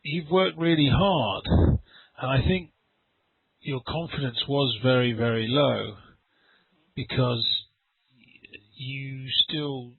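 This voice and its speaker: A man's voice: mid-range voice, slow pace, vocal fry, long pauses, husky, no room sound. A middle-aged man, a teacher who talks in a rambling way, repeats words and acts out little dialogues during an online lesson. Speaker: English teacher. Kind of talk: conversational online English lesson. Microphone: video call. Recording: dry, tinny call audio.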